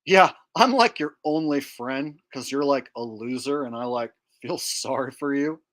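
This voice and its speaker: A man voicing a slow, insulting cartoon teenage boy who mocks his friend in a deadpan drawl. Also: medium pitch, lightly acted. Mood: scornful.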